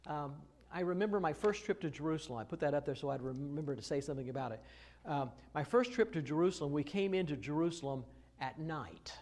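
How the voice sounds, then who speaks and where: A man's voice: on the high side, lively intonation, fast talker, a little mellow. A man preaching an expository sermon in a conversational way, with many fillers and restarts, pressing hard on key phrases. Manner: rises to emphatic stress on key phrases. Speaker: pastor.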